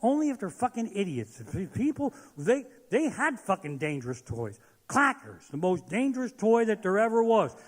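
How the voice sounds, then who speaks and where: A man's voice: high-pitched, big pitch swings, moderate pace, few pauses. A man doing a crude, swearing stand-up rant on a live theater stage. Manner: crude, swearing constantly, ranting. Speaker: stand-up comedian. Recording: long hall reverb.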